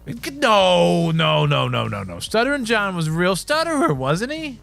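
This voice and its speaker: A young man talks excitedly in casual podcast chat, forever saying "bro" and "man." His voice sits fairly high and leaps up and down a lot. Faint music hums behind him. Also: normal speed, gravelly. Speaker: podcast co-host.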